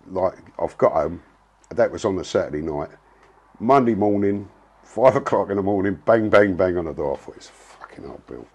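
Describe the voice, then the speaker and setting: An English man in his sixties, being interviewed, tells a story bluntly and casually, full of slang and swearing. His voice is fairly low, gravelly and slightly rough.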